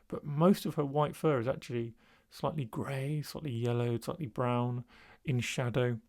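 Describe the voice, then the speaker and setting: Male art tutor, mid-range voice, casual demo voice-over with fillers. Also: medium pitch. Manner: relaxed, thinking aloud with fillers. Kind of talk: voice-over narrating a painting demo.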